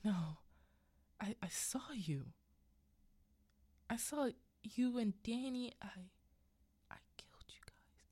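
A woman voicing a frightened father just woken from a nightmare, in a hushed, trembling whisper. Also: mid-range voice, steady tone, measured pace, gravelly. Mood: shaken whisper. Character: shaken, whimpering adult father waking from a nightmare.

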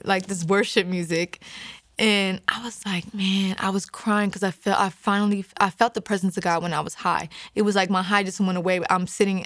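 A woman's voice: medium pitch, a bit bright, no echo. A young woman recounts her faith testimony in a heartfelt, meandering way, scattering "like" through her sentences. She slips into a whisper whenever she quotes what she was thinking. Her mid-range voice sounds close and dry, with no room around it. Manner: earnest, rambling, heavy use of "like" fillers; drops to a whisper when quoting her own thoughts. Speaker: guest giving a faith testimony. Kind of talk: emotional personal testimony.

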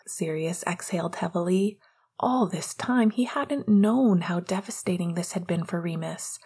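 A woman narrating a romantic story in a soft, hushed, gentle reading. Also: on the low side, measured pace, husky. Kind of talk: audiobook reading of fan fiction.

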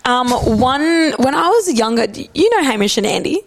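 A young Australian woman chatting casually as a podcast co-host. Her voice sits a little high, and she tells her stories with animated, jokey energy. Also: moderate pace, vocal fry, slight background noise. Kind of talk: casual chat.

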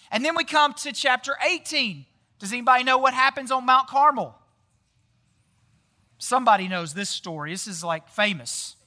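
A man's voice: extremely high pitch, pushed and bright. A man giving a casual sermon, chatty and often quizzing the audience with questions. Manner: chatty, often tags lines with "right?". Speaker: pastor.

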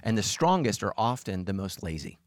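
Animated male pastor, lively delivery. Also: on the low side, brisk, no echo. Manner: animated, acts out voices and quotes. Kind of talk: humorous sermon.

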